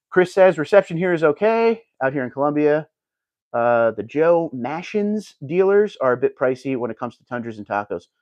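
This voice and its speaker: A man's voice: fairly high pitch, a little mellow, no echo, dull audio. A man hosting a casual livestream, chatting and reading viewer comments aloud. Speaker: livestream host reading chat.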